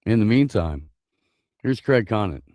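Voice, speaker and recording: Slow, deep-voiced host mumbling offhand. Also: male voice, lively intonation, dark tone. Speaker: podcast host. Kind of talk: casual chat introducing a clip.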